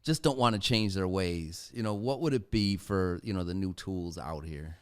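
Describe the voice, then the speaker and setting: A man's voice: low voice, moderate pace, smooth. A man hosting a podcast, asking guests questions in an easygoing, joking way. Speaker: podcast host. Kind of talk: casual podcast chat.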